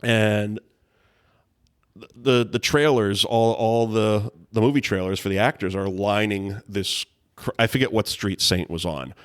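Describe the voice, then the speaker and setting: A man's voice: on the low side, fairly even intonation, a little slow. A man, a guest telling long, rambling anecdotes in casual chat, full of restarts and laughs. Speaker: guest storyteller.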